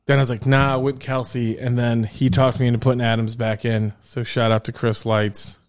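A man's voice: medium pitch, little pitch movement, brisk, a little mellow. A man co-hosting a podcast in casual chat, brash, joking and profane. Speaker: podcast co-host.

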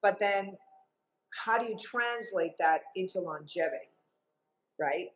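The recording is low quality, but it carries a middle-aged Cuban woman, a TV journalist, talking with animated emphasis as an interview guest. Her pitch is mid-range and her pace a bit slow.

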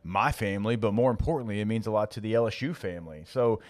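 A man's voice: fairly low pitch, fast talker. A man co-hosting a sports podcast in a stadium studio, speaking earnestly and filling his talk with "like" and "I mean.". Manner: earnest, heavy use of "like" and "I mean". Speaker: podcast co-host, former player. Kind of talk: casual sports podcast chat.

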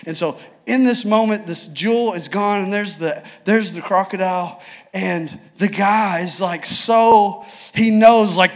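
A man preaches in a relaxed, humorous way, sprinkling his sentences with "like". His voice sits a bit high for a man. He tells stories loosely, with energy. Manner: casual, joking, animated retelling with filler "like". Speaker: pastor. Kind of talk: sermon with humorous storytelling.

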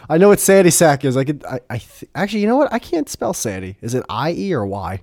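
A man's voice: fairly high pitch, very animated, fast talker, darkish tone, dry recording, clean studio sound. A man hosting a casual podcast, rambling, laughing often and swearing freely. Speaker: podcast host.

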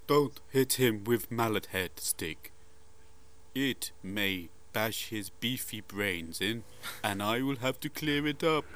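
A man's voice: lowish voice, slow pace, fairly bright tone. A man playing a primitive male entertainer who speaks in broken grammar, in improv comedy. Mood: grumbling.

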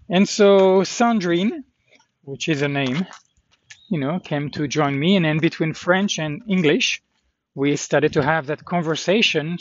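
A slightly higher-voiced man rambles through a spoken travel diary, pausing often to think aloud and filling the gaps as he goes. He is outdoors near a road, and the recording sounds dull and lo-fi. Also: a little hiss or hum. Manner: reflective, thinking aloud with many fillers. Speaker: pilgrim vlogger.

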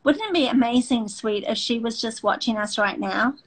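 A woman's voice: on the high side, normal speed, rough recording. A middle-aged woman hosting a faith talk show, speaking earnestly and emotionally with many restarts. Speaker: host.

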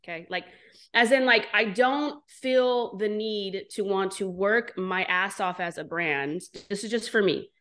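A woman speaking as an interview guest, blunt and animated, with a mid-range voice. She tells her story candidly and swears freely as she talks. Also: medium pitch, a little slow. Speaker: entrepreneur guest.

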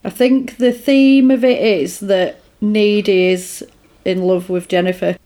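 A woman's voice: mid-range voice, fairly even intonation, unhurried, mellow. A woman casually retelling a film plot in a chatty podcast, with lots of fillers.

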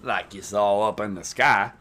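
A man co-hosting an improvised comedy bit, quick to get worked up and complain. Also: on the low side, sharp tone, slight background noise. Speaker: comedy co-host.

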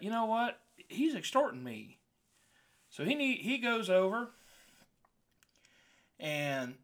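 A man's voice: fairly high pitch, fairly bright tone. A man, a pastor co-hosting a podcast, telling a long joke in a folksy, drawling storyteller way and then signing off. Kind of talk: casual joke telling and sign-off.

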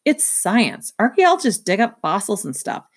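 A woman's voice: medium pitch, big pitch swings, moderate pace, slightly rough, voice pushed up. Gregor, an earnest young boy, read by a woman. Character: earnest eleven-year-old boy. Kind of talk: read-aloud storybook.

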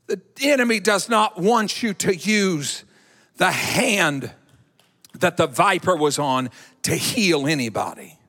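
A man preaching a sermon in an animated, dramatic way. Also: sits high, slow pace. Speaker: pastor. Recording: echoey hall.

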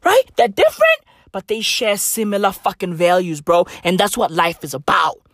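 A woman doing a comedic rant, full of slang and swearing, leaning on "bro" and "bruv", and swinging between shouts and whispers. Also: medium pitch, sing-song, normal speed, no echo, studio quality.

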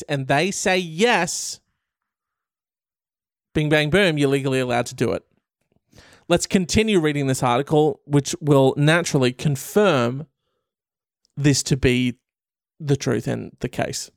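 Smooth-voiced man joking through an article. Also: fairly high pitch, measured pace, dry recording, clean studio sound. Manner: animated, profane, joking. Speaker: commentator. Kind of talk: comic commentary reading an article.

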